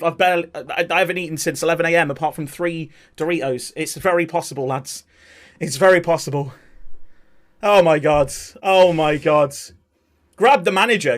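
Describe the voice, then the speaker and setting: A man hosting a live watch-along stream, chatting excitably to his viewers. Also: a little high. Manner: excitable, talks to chat.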